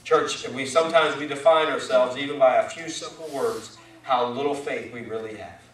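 A man's voice: medium pitch, normal speed, a bit bright. A man preaching a sermon as pastor, talking in a conversational, folksy way with rising emphatic questions, heard from a distant microphone. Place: church sanctuary. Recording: echoey church from far off.

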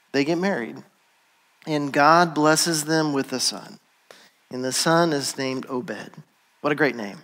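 A man preaches to his congregation, retelling an old story in an easy, chatty way and slipping into its characters' voices. His voice sits a little high and he takes his time. The sound carries the long, ringing reverb of a church hall. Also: fairly bright tone. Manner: conversational storytelling, acting out quoted voices. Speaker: pastor. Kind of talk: sermon. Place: church sanctuary.

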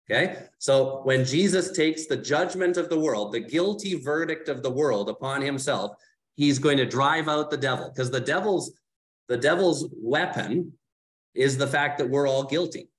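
A man's voice: medium pitch, moderate pace. Man casually leading a Bible study. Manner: conversational, asks the group questions; fillers and self-corrections while explaining. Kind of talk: casual teaching talk.

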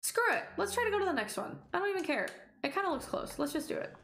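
Jumpy high-voiced woman streamer. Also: big pitch swings, fast talker, fairly bright tone, roomy sound. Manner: jumpy, shrieks at scares, chatty with viewers. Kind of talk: live game commentary.

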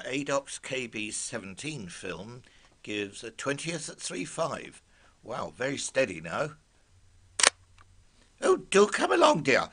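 An older man narrating a scripted spoken memoir in a wry, vivid manner. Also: mid-range voice. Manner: wry, vivid, brightly expressive. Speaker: storyteller.

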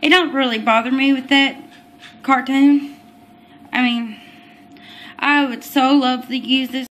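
Slow, high-voiced woman vlogger. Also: fairly even intonation, fairly bright tone. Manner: chatty, apologetic, gets tongue-tied. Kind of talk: casual baby-name vlog.

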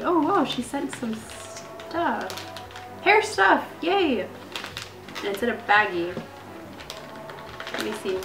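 A young woman vlogger chatting casually as she unboxes beauty gifts, gushing and excited. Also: a little high. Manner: bubbly, gushing, lots of "like" and "so cool". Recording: echoey room with faint music.

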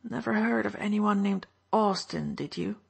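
A woman's voice: mid-range voice, moderate pace, vocal fry, slightly rough, pitched above the performer's own voice. Woman doing a sneering wounded officer. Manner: snarling, taunting. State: weak from wounds. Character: wounded hostile male American officer, sneering. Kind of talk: audiobook narration.

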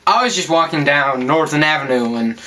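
A laid-back Australian bloke, as a man puts him on, spinning a story in a bright, sharp voice. The delivery is casual and easygoing. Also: on the high side, fairly quick, a little hiss or hum, rough recording. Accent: put-on Australian.

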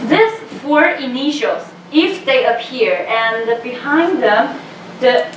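A woman's voice: a little high, expressive, slow. A woman teaching a language class, patiently explaining step by step and modeling the sounds for her students. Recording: echoey room from a distance, faint noise.

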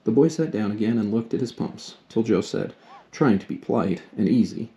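A man reading a classic novel aloud to his daughter in a steady, unhurried storytelling manner. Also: lowish voice.

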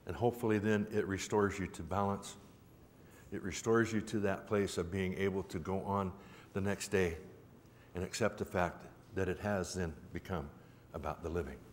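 A man with a fairly low voice gives a public talk in a lecture hall, leaning on rhythmic repetition and a folksy, gently humorous touch. His words carry a long hall reverb over a faint background noise. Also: fairly even intonation, normal speed. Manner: rhythmic, repetitive storytelling cadence. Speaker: symposium speaker.

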